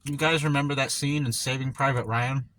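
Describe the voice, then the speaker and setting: A man's voice: mid-range voice, fairly even intonation, a little fast, fairly bright tone, slight background noise. Laid-back rambling man storyteller. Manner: rambling, laid-back slang-heavy retelling with frequent trailing off. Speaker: mukbang vlogger. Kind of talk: casual storytelling while eating.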